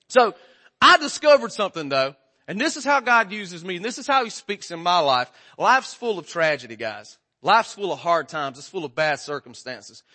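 A man's voice: on the high side, sharp tone. A man, preaching a casual sermon as a guest and joking with the congregation. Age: 40s. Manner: folksy, joking, talks straight to the congregation.

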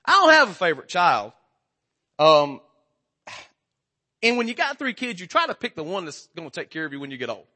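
Pastor, male, 40s: high, forceful voice, chatty and jokey, keeps checking in with the crowd. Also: sing-song, a little fast, pauses often. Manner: conversational, joking, quizzes the congregation. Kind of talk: sermon.

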